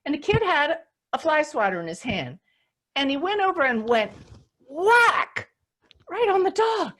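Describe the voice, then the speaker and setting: Animated older woman telling a story. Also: high-pitched, moderate pace. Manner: animated storyteller, acts out scenes. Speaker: spiritual teacher and host. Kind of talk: storytelling talk on a webinar.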